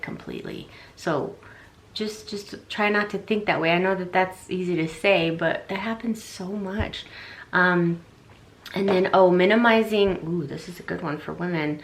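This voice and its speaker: A young adult woman giving casual relationship advice on a vlog, rambling and chatty with lots of fillers and restarts. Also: on the low side. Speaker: relationship vlogger.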